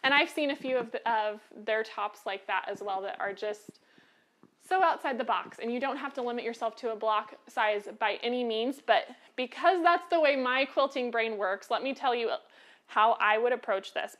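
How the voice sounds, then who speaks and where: Chatty high-voiced American woman teaching quilting. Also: moderate pace. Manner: chatty and encouraging, warm sign-off, with filler ums. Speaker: quilting show host. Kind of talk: live online quilting lesson.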